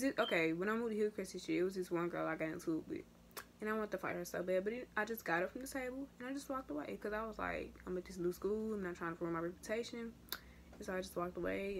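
Young woman vlogging, slangy story time, voice jumps way up when she gets worked up. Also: a little hiss or hum. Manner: animated, slangy storytelling with big swings in pitch and loudness; addresses viewers as y'all. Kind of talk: casual story time vlog.

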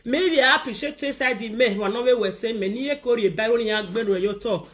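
A woman with a Nigerian Pidgin accent, delivering an animated, scolding rant to the camera as a vlogger. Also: a little high, a little fast. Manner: scolding, animated, acts out others' words. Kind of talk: ranting monologue to camera.

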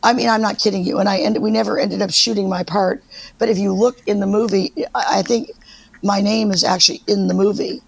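Gravelly, husky older woman. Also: mid-range voice, steady tone, no echo, rough recording. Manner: rambling, halting anecdotes with restarts. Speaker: guest actor. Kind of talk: casual interview storytelling.

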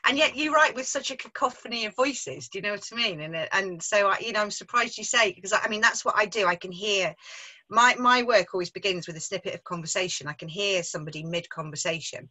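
Chatty bright-voiced English Midlands woman. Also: mid-range voice, fast talker, low-quality recording. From England. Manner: chatty, self-deprecating, restarts often, laughs easily. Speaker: author in conversation. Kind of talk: casual literary discussion.

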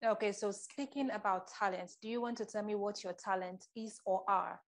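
Woman, interviewer, friendly, probing questions, middle pitch. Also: steady tone, normal speed. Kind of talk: audition interview.

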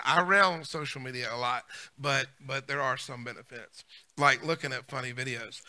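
A man pastor preaching a sermon, emphatic, repeating key lines and swinging between loud punches and soft asides. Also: on the high side.

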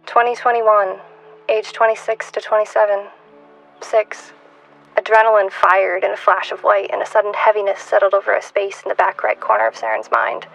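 A woman in her twenties reading her own fiction aloud in a measured, hushed way, at times dropping to a whisper. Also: mid-range voice, vocal fry, faint music behind, poor audio. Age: 20s. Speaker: author.

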